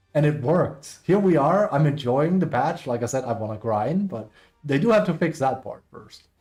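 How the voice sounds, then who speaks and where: A man with a slightly high voice chats casually to his stream audience. He rambles and pokes fun at himself as he answers chat. Faint music plays behind him. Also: darkish tone. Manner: rambling, self-deprecating, reads chat aloud.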